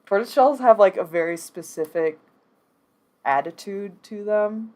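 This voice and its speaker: A woman's voice: mid-range voice, lively intonation, normal speed, darkish tone. A woman with a Wisconsin accent hosts a casual livestream chat. She talks playfully and laughs often, in an easy, everyday voice. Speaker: stream host.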